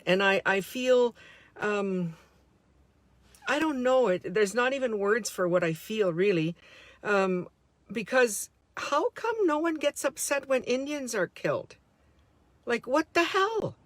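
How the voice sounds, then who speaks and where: A woman's voice: on the high side, no room sound. A middle-aged woman speaking an unscripted, heartfelt monologue to her handheld camera, indignant and repeating herself as she talks. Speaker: vlogger.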